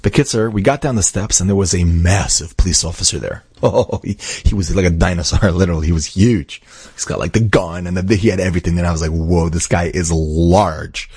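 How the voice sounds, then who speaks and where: A Brooklyn man tells a story in a husky, somewhat low voice. He acts out both sides of a conversation with sudden jumps in pitch. The sound is dry and close. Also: fast, dry recording. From Brooklyn, New York. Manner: animated, acts out dialogue with big pitch jumps. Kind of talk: casual inspirational anecdote.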